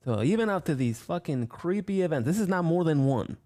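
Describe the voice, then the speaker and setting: A man giving a casual horror film review, retelling scenes in an animated way with frequent swearing. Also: a little high, brisk, hardly any pauses.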